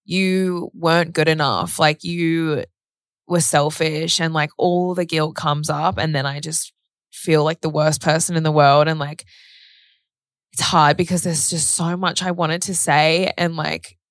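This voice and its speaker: A young woman candidly telling a personal story in casual conversation, animated and full of "like". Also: low-pitched, measured pace, no room sound, studio quality. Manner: candid, animated retelling with frequent "like" and swearing.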